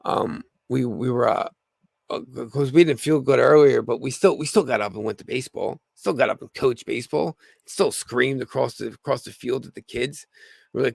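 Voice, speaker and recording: A slightly hoarse man with a gravelly voice hosting a casual livestream, rambling with lots of fillers and restarts. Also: mid-range voice, moderate pace, no room sound. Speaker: livestream host.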